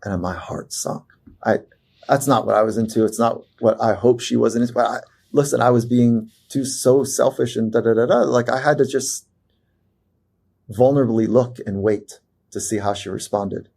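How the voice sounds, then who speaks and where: Gravelly-voiced man telling a personal story. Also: mid-range voice, moderate pace. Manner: animated storyteller who acts out quoted voices, many fillers and restarts. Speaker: guest, performance psychologist. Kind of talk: personal storytelling in a podcast interview.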